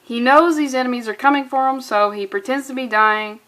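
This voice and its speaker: Snarky woman ranting about a comic, high voice, swears a lot, kinda valley girl. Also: brisk, a bit bright. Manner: snarky, exasperated, swears freely. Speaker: comic reviewer. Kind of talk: sarcastic comic review.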